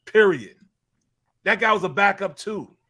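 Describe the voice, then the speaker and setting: This guest analyst, a middle-aged man who used to play lineman in the NFL, has a high-pitched, pushed, bright voice with lively intonation and a slightly slow pace. Heated and emphatic about sports, he keeps hammering the same points.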